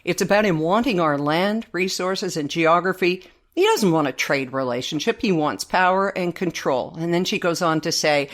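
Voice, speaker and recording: A woman from Alberta, Canada, hosting a casual podcast chat from home in an outspoken, lively way, quick to laugh. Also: lowish voice. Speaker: podcast host. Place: home living room.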